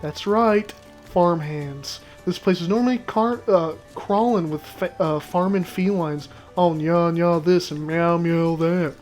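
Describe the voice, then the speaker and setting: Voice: mid-range voice, darkish tone, faint music behind, lightly acted. A gamer voicing a sarcastic, overworked village head farmer with folksy sayings. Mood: sassy. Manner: sarcastic, quick folksy drawl.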